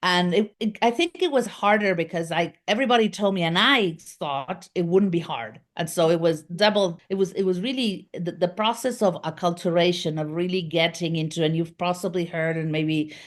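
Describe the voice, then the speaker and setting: Lower-voiced Argentine woman telling her story. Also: moderate pace, few pauses. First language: Spanish. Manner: rambling, many fillers and restarts. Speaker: guest, communications business founder. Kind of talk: casual interview storytelling.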